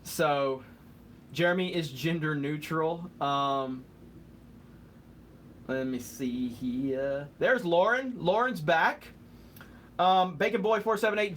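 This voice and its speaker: Young male streamer, slightly high voice, rambling and jokey, faint hiss behind. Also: a little slow, fairly bright tone. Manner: joking, rambling, fumbles over words. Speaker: live stream host reading chat. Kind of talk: casual live stream chat.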